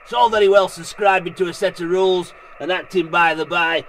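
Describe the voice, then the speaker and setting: A man's voice: high voice, fairly even intonation, brisk, a bit bright, a little hiss or hum. A man talking bluntly and swearing as he vlogs about radio from his vehicle on a hilltop. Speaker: radio hobbyist vlogger. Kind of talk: casual ranting vlog. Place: vehicle parked on a hilltop outdoors.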